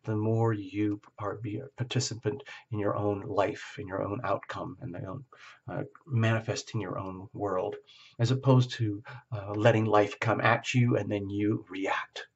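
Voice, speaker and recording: Man giving a tarot reading, lo-fi. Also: lowish voice. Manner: reflective, often checks in with "okay?". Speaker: tarot reader.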